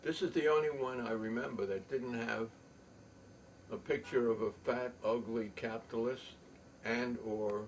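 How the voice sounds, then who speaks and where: An older man telling a long rambling story, halting with many ums and restarts. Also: mid-range voice, steady tone. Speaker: poet and storyteller. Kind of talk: rambling spoken reminiscence. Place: home loft. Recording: distant mic, faint room noise.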